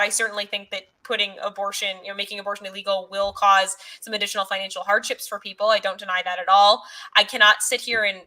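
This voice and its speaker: A woman guest on an interview show with a very bright, sharp voice in a middling range. She makes her case fluently and earnestly, pressing her points home. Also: mid-range voice. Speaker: guest, pro-life advocate. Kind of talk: casual conversational interview.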